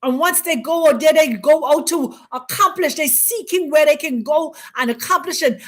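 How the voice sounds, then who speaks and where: Woman, high voice, preacherly, emphatic, repetitive, spiritual teaching talk. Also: moderate pace, few pauses. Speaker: host.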